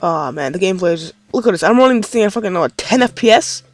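A man's voice: high-pitched, animated, fast talker. A man giving rambling let's play commentary on his game, easily frustrated and swearing often. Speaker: gaming commentator.

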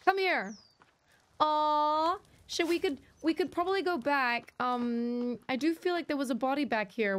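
A woman live-streaming a co-op survival game, chatting with viewers and teammates and reacting loudly when startled. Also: a little high, slight background noise. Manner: chatty, talks to viewers, jumpy loud reactions. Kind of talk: live co-op gameplay chat.

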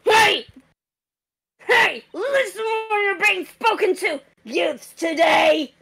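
A shrill screeching old security guard. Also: female voice, big pitch swings, fairly bright tone, shouting, heavily acted. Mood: ranting. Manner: rapid-fire scolding rants. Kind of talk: voice-acting a game script on a livestream.

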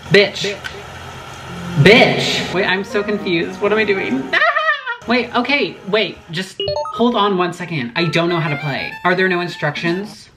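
A woman's voice: mid-range voice, very animated, unhurried, rough recording. A woman YouTuber giving casual gaming commentary, chatty and rambling, swearing constantly and easily startled. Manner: chatty, rambling asides to viewers. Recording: music playing behind the voice.

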